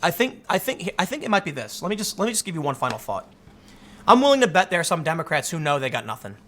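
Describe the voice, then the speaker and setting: A man's voice: on the high side, big pitch swings, quick pace, sharp tone. A man giving casual political commentary, tired and exasperated, rambling with frequent restarts.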